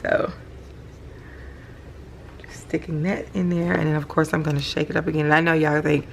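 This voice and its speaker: Low, gravelly woman gushing. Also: moderate pace, slight background noise. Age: middle-aged. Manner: chatty, gushes with excitement. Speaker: planner vlogger. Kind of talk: casual show-and-tell vlog. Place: home at night, indoors.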